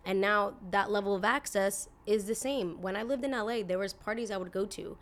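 In a mid-range, fairly bright voice, a twenty-something woman talks a little fast while hosting a casual opinion podcast. She's blunt and indignant in her monologue, with lots of "like" and an occasional curse.

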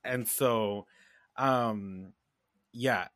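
A man's voice: lowish voice, very slow, a bit bright, no echo, clean studio sound. A man co-hosting a casual podcast chat, emphatic and sassy, repeating his points. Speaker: co-host.

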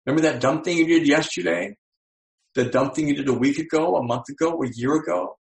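A quick, taunting inner brain voice, pitched well up from the speaker's normal voice, with a rough, gravelly edge, as a man puts it on. It rattles off reminders in a mocking, eager tone. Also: reverberant.

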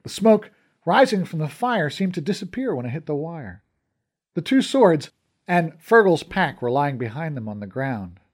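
A man narrating a first-person adventure story in an animated, expressive way. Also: medium pitch.

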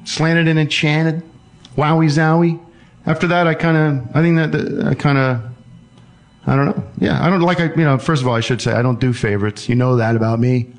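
A man's voice: a little high, little pitch movement. Rambling man hosting a call-in show. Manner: rambling, halting with many restarts and fillers. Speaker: podcast host taking calls. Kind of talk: casual call-in chat.

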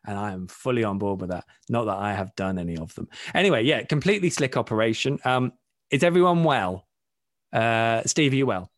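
A man's voice: fairly low pitch, expressive, a little fast, no room sound, studio quality. A man hosting a casual podcast over a video call, rambling and self-mocking, laughing often. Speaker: podcast host.

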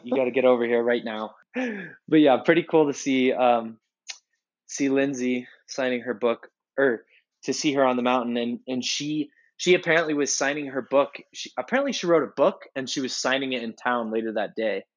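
A man's voice: medium pitch, moderate pace. Rambling man on a lo-fi podcast. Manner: rambling storyteller, frequent restarts. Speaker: podcast co-host. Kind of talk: casual chat.

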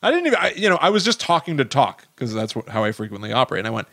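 A man's voice: mid-range voice, sing-song, racing, hardly any pauses, fairly bright tone, no room sound. Guy rambling on a podcast, lots of likes, dead dry mic. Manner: rambling, many likes and restarts. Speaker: podcast co-host. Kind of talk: casual chat.

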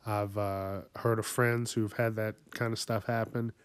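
A man's voice: on the low side, level tone, unhurried, clean tone, no room sound. A man hosting a podcast, going off in a profane comedic rant, swearing constantly and laughing at his own jokes. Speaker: podcast host.

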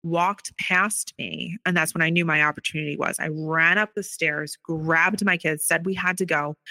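A woman's voice: low-pitched, bright, forceful tone, dry recording. A woman earnestly telling her personal story, recounting events and acting out quoted dialogue. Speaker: interviewee sharing her story.

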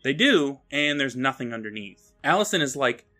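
A man co-hosting a podcast, recapping a TV episode in a lively, casual way. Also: medium pitch, normal speed, faint music behind. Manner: lively retelling with frequent laughs. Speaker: podcast co-host.

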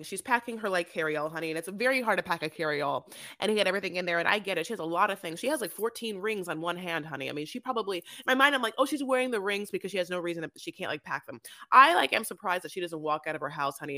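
A sassy woman dishing on reality TV in a casual podcast recap, throwing in "honey" and swear words as she wanders into tangents. Her voice sits at a middling pitch and sounds dry and close to the mic, with no room around it. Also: bright, forceful tone, dry recording. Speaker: podcast co-host.

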